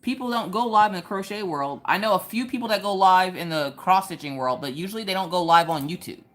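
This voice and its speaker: A young woman hosting a casual crafting livestream from home, ranting animatedly with sudden high exclamations. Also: fast, a bit bright. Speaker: livestream host. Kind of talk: casual chat while crafting.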